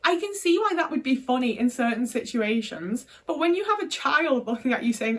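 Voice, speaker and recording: Frank, high-voiced young woman telling a story. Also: very animated, a little fast, few pauses, a bit bright, far from the mic. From United Kingdom. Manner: frank, swears often, many filler "like"s. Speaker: vlogger. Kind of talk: casual storytime monologue.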